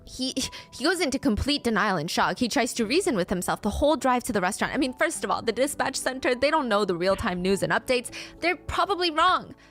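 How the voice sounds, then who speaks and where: A woman narrating a scripted true-crime story in a brisk way, acting out the quoted speech as she goes. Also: on the high side, very animated, a bit bright, faint music behind.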